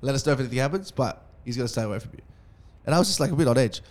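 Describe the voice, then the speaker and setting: Fast-talking young man spinning a story. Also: medium pitch, lively intonation, a little mellow. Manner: fast, swearing, acts out dialogue. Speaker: podcast host telling a story. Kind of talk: casual storytelling chat.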